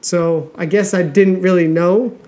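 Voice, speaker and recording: A man's voice: high voice, fairly even intonation, measured pace, a little mellow. A man co-hosting a podcast in casual chat, talking loosely and swearing freely. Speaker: podcast co-host.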